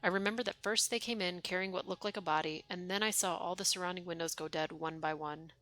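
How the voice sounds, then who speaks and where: A woman's voice: on the low side, fast talker, fairly bright tone. A young woman streaming a game, chatting wryly and reading its dialogue aloud. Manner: chatty, wry, reads game text aloud.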